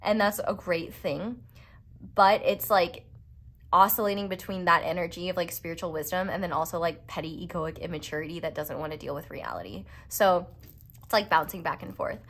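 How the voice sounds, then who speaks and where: Rambling woman tarot reader with a lower voice, casual and self-mocking, talking straight to her viewers. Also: moderate pace, a bit bright. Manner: chatty and rambling, full of "like" fillers; playful, self-mocking asides. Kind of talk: casual pick-a-card tarot reading.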